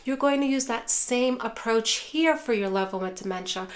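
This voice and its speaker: A woman with a somewhat high voice teaches caregivers of people with dementia. She speaks in a reassuring way, often calls her viewers care partners, and softens her voice when she models kind phrases to use. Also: normal speed. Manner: acts out caregiver phrases softly. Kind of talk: direct-to-camera teaching.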